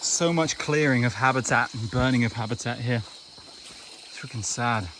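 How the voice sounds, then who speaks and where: A young man hosting a vlog, chatting excitedly and casually as he films outdoors at night by a forest stream. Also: mid-range voice, moderate pace, a little hiss or hum. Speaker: vlog host. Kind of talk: casual on-the-spot field commentary.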